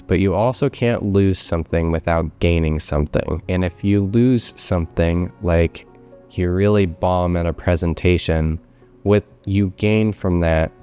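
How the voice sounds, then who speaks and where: Low-voiced male therapist explaining. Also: dark tone, smooth. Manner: measured, explains with parables, repeats words. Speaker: psychotherapist. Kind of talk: psychoeducational talk.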